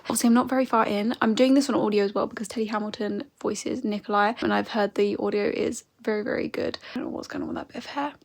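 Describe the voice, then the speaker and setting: A young woman chatting casually in a reading vlog, giggly, with soft whispered asides. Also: medium pitch, gravelly. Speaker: book vlogger.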